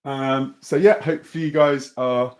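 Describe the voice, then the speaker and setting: A young man leads a beatbox workshop in a relaxed, encouraging way. He pauses often with ums and uhs and restarts his sentences. His voice sits at an ordinary middle pitch. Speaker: beatbox teacher. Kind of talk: online workshop lesson.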